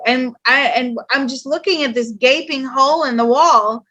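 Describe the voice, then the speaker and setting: A woman psychic host chatting casually, telling stories in an animated way and laughing often. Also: high-pitched, moderate pace. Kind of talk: casual chat.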